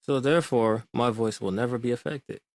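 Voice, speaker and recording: A man explaining music production in a calm, measured tutorial voice. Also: mid-range voice, dry recording. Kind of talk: screen-recorded tutorial.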